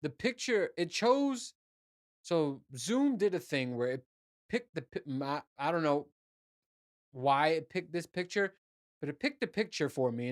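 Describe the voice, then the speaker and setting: A man's voice: fairly high pitch, expressive, moderate pace. A man hosting his own podcast, ranting casually and rambling, swearing freely and restarting his sentences often. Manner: profane, rambling, with many restarts and "you know"s. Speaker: podcast host. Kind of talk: casual solo podcast rant.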